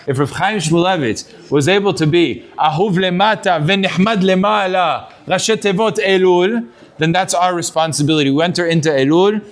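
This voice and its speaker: A man, a rabbi, giving a sermon to students. He tells a story in an animated way and mixes in Hebrew terms. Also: high-pitched, normal speed.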